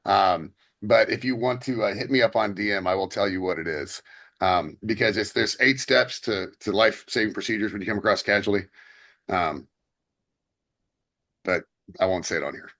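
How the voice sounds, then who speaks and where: A man's voice: fairly low pitch, moderate pace, a bit bright. A young man co-hosting a podcast, telling stories in a rambling casual way with many fillers and restarts. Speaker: podcast co-host. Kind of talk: casual chat.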